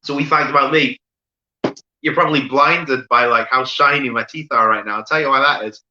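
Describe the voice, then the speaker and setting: A man doing an online stand-up set of deadpan one-liners, often tagging "right?" and pausing with fillers. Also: medium pitch, noisy background. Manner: deadpan delivery with frequent "right?" asides and fillers. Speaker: stand-up comedian. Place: home room, streamed online show. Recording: roomy echo, dull lo-fi sound.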